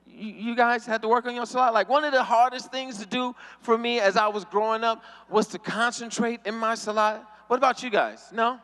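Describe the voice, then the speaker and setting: A man's voice: extremely high pitch, fairly even intonation, a little fast, hardly any pauses, fairly bright tone, long reverb tail. A man doing a stand-up comedy routine, acting out the voices of people in his stories. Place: convention hall stage.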